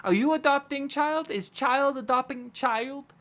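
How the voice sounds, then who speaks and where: Woman doing a gruff mock-Russian stepdad. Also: high-pitched, measured pace, voice pushed up. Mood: indignant. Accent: put-on Russian. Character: gruff older male adoptive father, mock-Russian.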